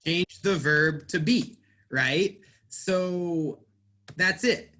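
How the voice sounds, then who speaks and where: A man's voice: fairly high pitch, drawn-out words, bright, forceful tone. A man teaching an English grammar class, explaining patiently step by step and quizzing his students.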